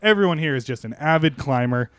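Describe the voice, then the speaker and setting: A young man tells a movie plot in a loose, sarcastic ramble and keeps breaking into laughter. His voice sits a bit high, and the recording is dry and close. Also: animated, fairly quick, a bit bright, clean tone, dry recording. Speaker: podcast panelist pitching a movie. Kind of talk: casual movie-recap chat.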